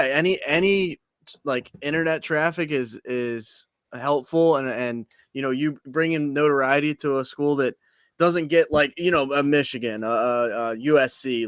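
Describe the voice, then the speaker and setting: A man's voice: mid-range voice, a bit bright, clear, resonant tone, dry recording. A man co-hosting a casual sports podcast, talking hesitantly with many restarts as he thinks aloud. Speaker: podcast co-host.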